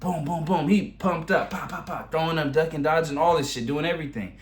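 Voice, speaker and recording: A man's voice: fairly high pitch, fairly quick. A man in his twenties giving a casual motivational monologue in blunt, heavily profane slang, turning intense as he makes his points. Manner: rising, intense when making a point. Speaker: vlogger giving motivational advice.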